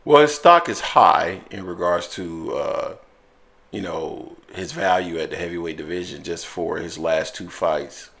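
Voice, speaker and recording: A man with a slight Southern accent hosts a call-in sports show in an easygoing, slangy manner. His voice sits very low. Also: measured pace, creaky. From Southern US, Florida. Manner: relaxed, laid-back slang. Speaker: host of a call-in boxing show. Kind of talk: casual call-in chat.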